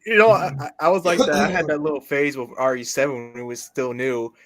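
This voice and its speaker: A man's voice: on the high side, fairly quick. A man co-hosting a podcast, talking games casually and swearing freely. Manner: lively, swears and laughs often. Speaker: podcast co-host. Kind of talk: casual gaming chat.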